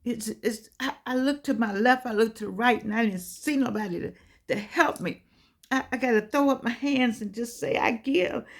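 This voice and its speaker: A woman's voice: on the high side, normal speed. Woman in her eighties, stammering restarts. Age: 80s. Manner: repetitive, many stammered restarts; earnest, preaching cadence. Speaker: motivational speaker. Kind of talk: inspirational talk.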